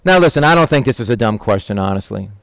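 A middle-aged male pastor gives a casual, folksy sermon, speaking directly and plainly to the listeners. The sound is close and dry, with no room echo. His pitch sits in an ordinary middle range for a man. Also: lively intonation, fast talker, vocal fry. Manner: folksy, direct, acts out voices of disciples with a raised pitch. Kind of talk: conversational sermon with Bible reading.

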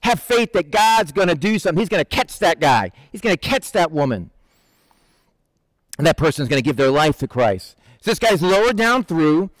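A man preaching a casual, conversational sermon, animated, acting out the people in the story. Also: fairly high pitch, normal speed, dry recording, rough recording. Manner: conversational, animated, acts out Bible figures in quotes.

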